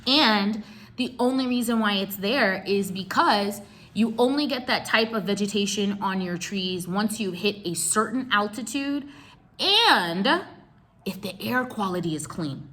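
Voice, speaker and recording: A young woman recounts a trip in a loose, chatty vlog, throwing in slang and asides to her viewers. Her voice is bright and forward, with an everyday pitch. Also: measured pace. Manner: chatty, animated, slangy, addresses viewers as y'all. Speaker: travel vlogger. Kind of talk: casual storytelling vlog.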